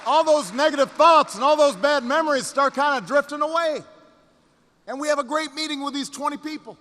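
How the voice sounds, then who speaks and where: A man giving a campaign rally speech, telling a story with repeated phrases and pauses that builds to rousing shouts, recorded in a reverberant hall. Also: very high-pitched, a crowd in the background, noisy background. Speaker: political candidate.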